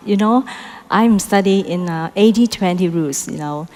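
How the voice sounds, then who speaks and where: A woman answering an interview question slowly and carefully, often adding you know. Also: fairly low pitch, a little mellow, in a large hall. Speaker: guest team leader.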